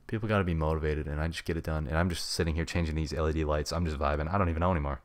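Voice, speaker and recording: Low-voiced young man, rambling podcast chat. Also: fairly even intonation, rapid-fire, dry recording. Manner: rambling, laid-back slang. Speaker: podcast host. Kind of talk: unscripted solo podcast chat. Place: home room. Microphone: studio mic with pop filter.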